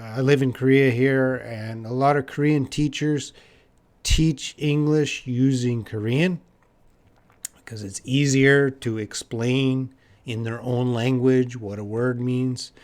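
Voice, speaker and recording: A Canadian man living in Korea teaches English in a live online lesson, answering viewers' questions and repeating key words for learners. His mid-range voice is steady, slow, and somewhat dark in tone.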